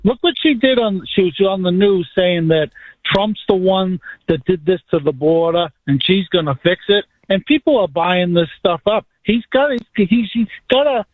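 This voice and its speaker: A man calling into a radio show, his voice squeezed through a tinny phone line. He talks earnestly, stumbling and restarting as he goes. His pitch runs a little high. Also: moderate pace, no echo. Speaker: caller. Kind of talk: call-in on talk radio.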